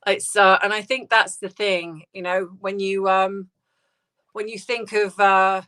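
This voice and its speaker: A woman hosting a casual livestream, reading out viewer comments and answering in a soft, hesitant, sympathetic way with many restarts. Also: medium pitch. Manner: sympathetic, tender replies to viewers.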